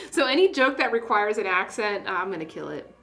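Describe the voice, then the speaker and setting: A tea seller hosts a casual livestream with soft classical music in the background. She has a medium-pitched, animated voice at a moderate pace, chatting away, poking fun at herself and laughing at her own jokes.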